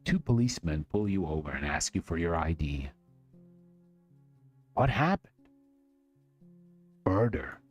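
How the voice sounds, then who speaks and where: Animated low-voiced man reading a game. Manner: dramatic reading with casual asides. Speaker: streamer. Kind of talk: reading a text game aloud on stream.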